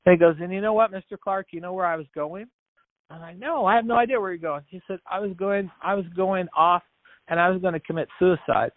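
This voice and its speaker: Quick-paced and high-voiced, a man tells a story earnestly as a podcast guest and business founder, acting out quoted dialogue. He restarts and repeats words frequently. The interview comes through a tinny, phone-like line with no echo.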